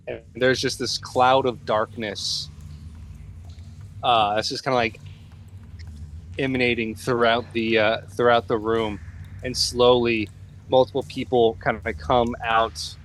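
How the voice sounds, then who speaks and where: A man's voice: medium pitch, slight background noise. Casual man narrating as game master. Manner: loose, filler-heavy narration.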